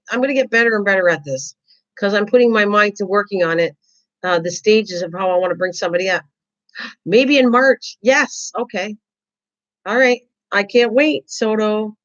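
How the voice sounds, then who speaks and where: Excitable, chatty woman craft streamer, mid-pitched, rambling, muffled lo-fi audio. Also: a little fast. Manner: excitable, rambling, repeats words. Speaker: craft livestream host. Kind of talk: casual chat reading viewer comments. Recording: dull lo-fi livestream audio.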